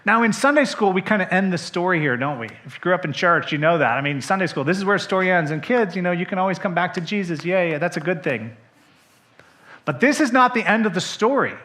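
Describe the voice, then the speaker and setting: A man's voice: high-pitched, fast talker. A male pastor preaching a sermon, telling the story with animation and asking the congregation direct questions. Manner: animated storytelling, acting out the characters' quoted lines.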